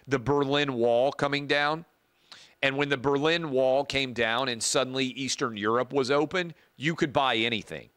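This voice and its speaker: A man's voice: mid-range voice, sharp tone, clear, resonant tone, no echo. A middle-aged man hosting his own show, delivering a casual, opinionated commentary monologue off the cuff. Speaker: show host.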